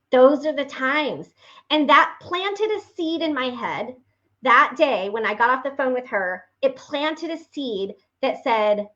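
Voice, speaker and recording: A woman with a somewhat high voice tells her faith story to listeners, animated and earnest. The recording is dull and lo-fi, with the top end rolled off. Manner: animated storyteller acting out remembered dialogue; earnest, direct address to listeners. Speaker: faith-based motivational speaker. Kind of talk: personal testimony talk.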